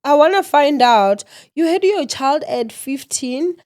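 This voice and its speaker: Woman interviewer, slightly high voice, unhurried, short attentive questions. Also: lively intonation, darkish tone. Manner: brief, attentive prompts and follow-up questions.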